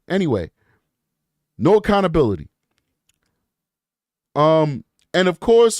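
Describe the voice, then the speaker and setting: A man's voice: on the high side, clear, resonant tone, no room sound, studio quality. A man hosting a true crime show, reading emails aloud and breaking off into blunt, scornful commentary aimed at his viewers. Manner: blunt, emphatic, scornful asides; talks straight to his viewers.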